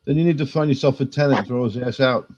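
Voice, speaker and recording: Brief: mid-pitched man, straight-talking panel guest, muffled lo-fi call sound. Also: fast talker, darkish tone, a little hiss or hum. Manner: blunt, practical advice-giving. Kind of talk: casual livestream chat. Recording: dull lo-fi call audio.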